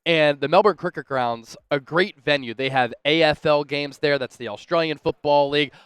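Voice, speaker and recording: A man's voice: fairly high pitch, a bit bright, no room sound. A young man hosting a sports news show, talking with upbeat, enthusiastic fan energy. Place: on location at a big sports event.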